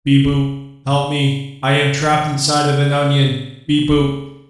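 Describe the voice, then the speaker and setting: A man voicing a stiff, mechanical male robot sidekick who says beep boop and gives formal step-by-step instructions in a flat monotone. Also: fairly high pitch, takes it slowly, faint music behind. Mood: pleading. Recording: very echoey, distant from the mic.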